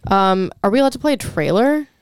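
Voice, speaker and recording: A woman cohosts a casual podcast, chatty and quick to laugh, tossing in "like" often. Her mid-pitched voice has a slight rasp left over from losing it, as it comes back. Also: expressive, slight background noise. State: slightly raspy, recovering lost voice. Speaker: podcast co-host. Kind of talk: casual chat.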